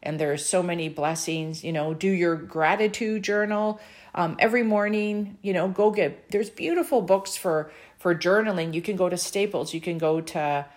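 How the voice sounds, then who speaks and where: A middle-aged woman from Canada telling a personal story with deep emotion, earnest and encouraging, her mouth dry. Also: moderate pace, darkish tone. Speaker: author and speaker sharing a personal story.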